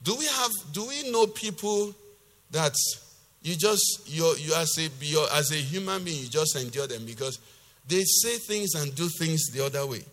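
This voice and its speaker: A male pastor preaching a sermon, reading scripture loudly with force and then explaining it in a lower, conversational voice. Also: expressive, normal speed. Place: church hall. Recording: long reverb of a church hall.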